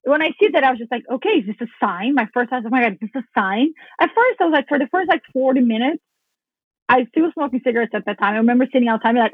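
A woman talking casually on a podcast, telling a story with lively energy and casual swearing. She acts out her own past thoughts as she goes. Her voice comes through a thin, phone-like line with a dry sound and a slightly high pitch. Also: fast, husky, no room sound. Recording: phone-like narrow band, dry.

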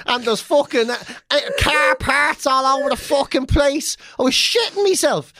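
Animated swearing Dublin storyteller. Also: male voice, very high-pitched, moderate pace, no room sound. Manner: swearing, animated, keeps asking "right?". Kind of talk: comic storytelling.

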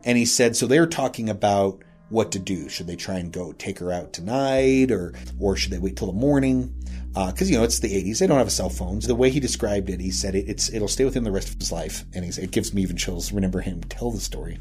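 A man's voice: fairly low pitch, brisk, darkish tone, soft background music. A man from Wyoming earnestly retelling a secondhand ghost story in a casual podcast chat. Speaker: podcast host and guest storyteller.

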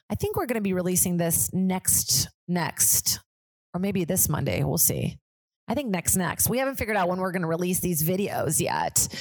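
A woman's voice: lowish voice, no echo. A young woman comedian hosting her podcast, chatting in a rambling, self-deprecating way. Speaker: podcast host, stand-up comedian. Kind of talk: casual chat.

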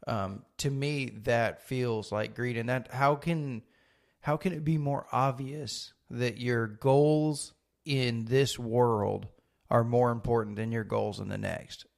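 A middle-aged man in a casual faith podcast chat, talking in a thoughtful, halting, wry way. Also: mid-range voice, creaky. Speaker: co-host.

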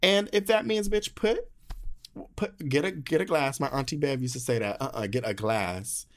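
A young man hosting a podcast, talking candidly in a sassy, animated way, full of slang and swearing. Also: fairly high pitch, normal speed. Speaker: podcast host. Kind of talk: candid casual monologue.

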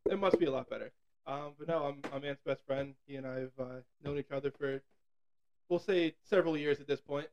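A man guesting on a casual podcast, easygoing and a little hesitant, speaking into a boom microphone. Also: fast talker, a little mellow, muffled recording. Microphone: boom mic.

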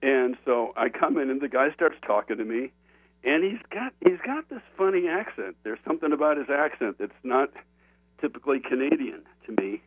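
A man spins an animated, conversational anecdote as an author and guest. His mid-pitched voice comes through a dry, tinny phone line. Nothing of a room is heard around him. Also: normal speed, no room sound. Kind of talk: casual anecdote telling.

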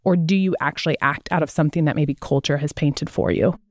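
A woman's voice: sits low, quick pace, no room sound, studio quality. A woman co-hosting a casual faith podcast, talking earnestly and at length, retelling Bible stories with quoted lines. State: out of breath. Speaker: podcast co-host.

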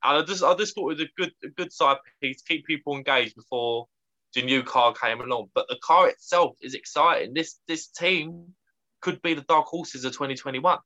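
A man's voice: fairly high pitch, moderate pace, highs cut off. A man co-hosting a podcast, chatting casually and enthusiastically. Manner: enthusiastic, excitable. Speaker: podcast co-host.

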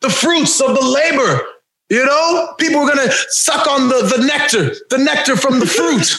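A man co-hosting a podcast, excitable and teasing, often laughing and shouting in casual chat. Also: very high voice, moderate pace. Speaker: podcast co-host. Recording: echoey room.

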